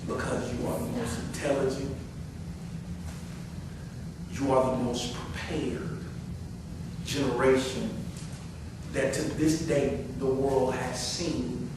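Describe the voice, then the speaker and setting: Male pastor, middle-aged, high-pitched sermon delivery from quiet to loud playful scolding; very echoey church, faint hiss. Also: little pitch movement, takes it slowly, long pauses. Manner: swings from hushed talk to loud, playful scolding. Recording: very echoey hall, far-off mic, faint hiss.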